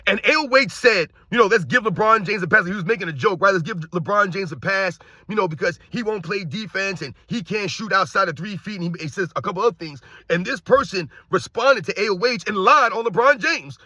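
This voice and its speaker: Brief: middle-aged man, loud combative sports rant, bright edge, dry close mic. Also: high-pitched, fairly quick, hardly any pauses, dry recording. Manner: loud, projecting, animated, combative. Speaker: sports commentary YouTuber.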